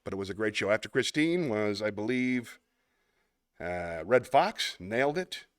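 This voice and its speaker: A man's voice: lowish voice, sing-song, a little slow, no echo, clean studio sound. A man hosting a live online show, chatting casually as he reads viewer comments, rambling and laughing often. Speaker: host. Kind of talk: casual live-stream chat reading comments.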